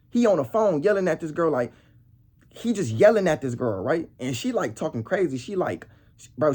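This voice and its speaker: Young male vlogger, husky voice, heated slang-heavy rant. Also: fairly high pitch. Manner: heated street slang, repeats "bro" and "nigga". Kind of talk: casual storytelling rant.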